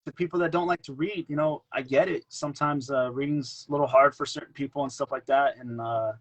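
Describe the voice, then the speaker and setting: A man's voice: medium pitch, fairly quick, poor audio. A man chatting casually as a podcast guest, telling stories animatedly and repeating himself. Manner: animated storyteller, repeats himself, acts out quotes. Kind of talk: casual chat.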